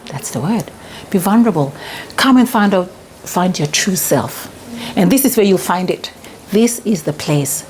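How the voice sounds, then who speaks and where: A woman's voice: medium pitch, slight background noise. A woman giving an earnest, reflective testimonial about a retreat in an interview. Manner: earnest, reflective, laughs when excited.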